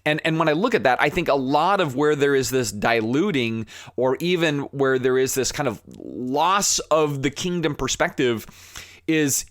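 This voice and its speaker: A man's voice: medium pitch, normal speed, no room sound. Earnest man, dry close sound. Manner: earnest, conversational, with frequent restarts and fillers; rising to animated emphasis when fired up. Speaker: podcast host. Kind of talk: impassioned podcast monologue.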